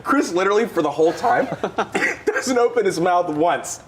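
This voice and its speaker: A podcast guest laughs through a wild story he's sharing in a relaxed chat, staying animated throughout. He speaks at a moderate pace in a high voice, and the recording carries a little hiss or hum.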